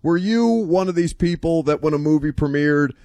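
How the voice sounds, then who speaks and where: A man's voice: on the high side, moderate pace, dark tone, no room sound. A man in his thirties, a sports radio co-host, talking grumpily and dismissively in casual studio banter. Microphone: studio mic.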